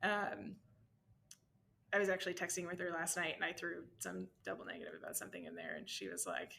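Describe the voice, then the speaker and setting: A woman's voice: fairly low pitch, sing-song, normal speed, pushed and bright. A woman from the South Shore of Nova Scotia with a Nova Scotian accent, a physics teacher giving a thoughtful, candid interview answer. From South Shore of Nova Scotia, Canada.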